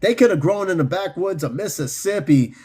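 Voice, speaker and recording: A man hosting a podcast, chatting casually and reading out listener comments in a loose, profane, animated way. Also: high-pitched, a little fast, breathy edge. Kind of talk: casual unscripted chat.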